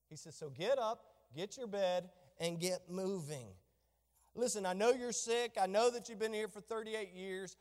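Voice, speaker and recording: A man preaching a sermon to a congregation, swinging between loud, ringing proclamations and hushed, low asides. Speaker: pastor. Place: church sanctuary. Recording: long reverb of a large hall.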